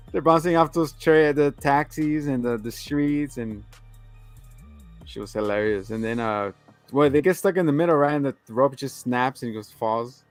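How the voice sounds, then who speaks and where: A man's voice: medium pitch, measured pace, long pauses, no echo, soft background music. A man casually recapping a movie, rambling and laughing as he acts out the characters' lines. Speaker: podcast co-host.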